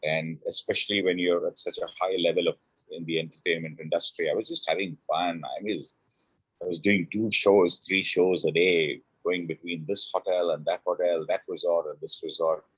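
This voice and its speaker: A man's voice: low voice, fairly even intonation, normal speed, fairly bright tone, breathy edge, dry recording, rough recording. A middle-aged man telling his personal story as an interview guest, heartfelt and repeating phrases for emphasis.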